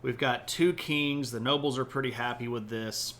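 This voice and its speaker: A man's voice: medium pitch, steady tone, normal speed, fairly bright tone, a little hiss or hum. A man hosting a casual livestreamed history talk, explaining events in a joking, chatty way and often checking in with "right?". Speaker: history podcast host.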